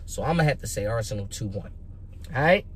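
A young man giving casual, hyped commentary as a vlogger, animated and emphatic, with rhetorical questions and repeated words. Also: lowish voice, quick pace, a little hiss or hum. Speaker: vlogger making predictions.

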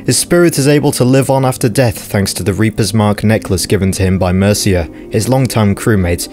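A man's voice: on the low side, fairly quick, a little mellow, soft background music. A man narrating game lore in a casual scripted way, with wry, joking asides.

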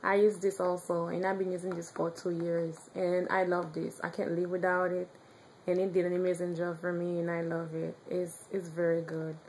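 Haitian-accented woman, chatty and halting. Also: fairly low pitch, monotone, darkish tone, a little hiss or hum, poor audio. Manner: chatty, halting, searching for words. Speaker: vlogger. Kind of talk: casual chat.

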